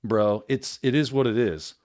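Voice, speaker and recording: Male livestream host, casual storyteller, mid-pitched, very expressive, dry close sound. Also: normal speed, no room sound. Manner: animated, laughing storyteller who acts out quotes.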